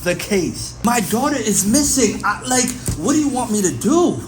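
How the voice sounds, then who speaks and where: Playing a murder suspect under interrogation, a man voices an agitated, worried father who stammers, gets defensive, and repeats himself in an amateur audio drama. His voice is on the high side, animated, and a little slow, captured in a noisy recording with ambient sound.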